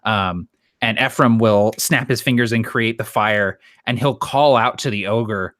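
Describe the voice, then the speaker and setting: Male player, bright forceful voice, eager questions, dry sound. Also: fairly low pitch, a little slow, no echo. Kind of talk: casual chat at a game table.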